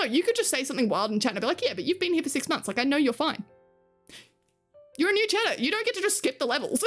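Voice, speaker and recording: Lively woman streamer. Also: high voice. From Australia. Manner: chatty, laughs often, swears casually. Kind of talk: casual chat reading stream chat.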